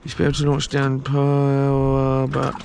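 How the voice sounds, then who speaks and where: Rambling guy, slow and swearing. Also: mid-range voice, completely flat delivery, creaky, a little mellow, clear, resonant tone. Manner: rambling, talks to himself, swears often. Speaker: solo boat vlogger. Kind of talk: casual live-stream chat while tidying a boat. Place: small houseboat on the water.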